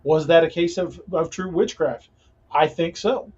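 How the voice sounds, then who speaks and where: Male podcast host, husky, rambling and earnest, muffled lo-fi sound. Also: fairly high pitch, measured pace, a little mellow. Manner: rambling, frequent restarts, earnest. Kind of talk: casual paranormal podcast chat.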